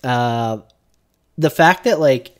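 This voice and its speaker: A man's voice: mid-range voice, animated, slow pace. A man hosting a live stream, casually ranting and swearing while reacting to a video. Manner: profane, ranting. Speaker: streamer host.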